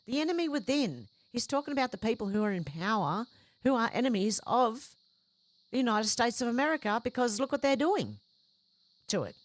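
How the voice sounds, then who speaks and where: A woman's voice: fairly high pitch, lively intonation, brisk, no room sound. A woman hosting a livestream, reading out viewers' chat comments one after another and adding short conversational reactions of her own. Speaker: livestream host.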